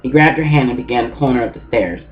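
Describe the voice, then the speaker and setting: Casual male book reader; medium pitch, dull sound with guitar under. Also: fast talker. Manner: casual reading with small restarts and asides. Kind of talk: audiobook reading. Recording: muffled with guitar music.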